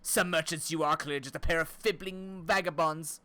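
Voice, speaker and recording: A curt, officious gate guard turning travelers away, as a man plays him for a video game. The voice is pushed up high and bright, clipped and dismissive. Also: fairly even intonation, normal speed.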